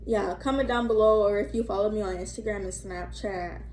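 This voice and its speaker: This storytime vlog features a young woman speaking fairly quickly in a steady, mid-range voice with a slightly mellow quality. She chats and rambles into her phone, using lots of fillers and the odd swear word. Echo from the room, faint ambience and slight background noise come through.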